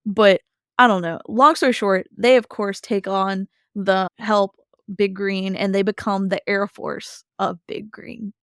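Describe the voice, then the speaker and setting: A woman's voice: medium pitch, a little slow, clear, resonant tone, no room sound, studio quality. A woman co-hosting a podcast, recapping a cartoon episode in casual chat and acting out characters' lines along the way. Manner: animated storytelling, briefly acting out characters' lines. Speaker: podcast co-host.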